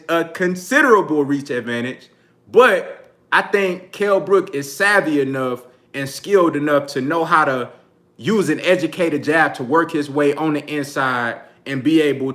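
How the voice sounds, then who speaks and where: A man in talks boxing on a live stream in a loose, slangy, laid-back way, often breaking into laughter. His voice sits a little high and rings very bright. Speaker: boxing channel host. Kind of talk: casual live-stream commentary.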